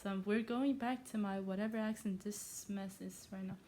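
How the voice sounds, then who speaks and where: A woman's voice: medium pitch, fairly even intonation, moderate pace, warm tone, slight background noise. A young woman who is not a native English speaker, reading aloud casually and breaking off to mock herself. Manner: self-interrupting, self-mocking asides. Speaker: reader.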